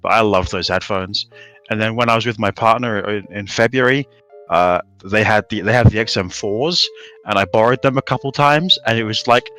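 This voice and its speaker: A man's voice: lowish voice, normal speed, pushed and bright, faint music behind. A man joining a stream over a voice call, chatting casually in a wry, playful storytelling manner. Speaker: guest on a call. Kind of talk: casual chat.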